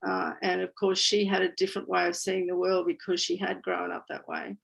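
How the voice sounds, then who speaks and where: Chatty aussie woman in her 60s, bit of fry in her voice, talking candidly to a crowd. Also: on the low side, completely flat delivery, fairly quick, rough recording. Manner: candid, chatty, laughs easily. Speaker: guest speaker. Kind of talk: storytelling at a community talk.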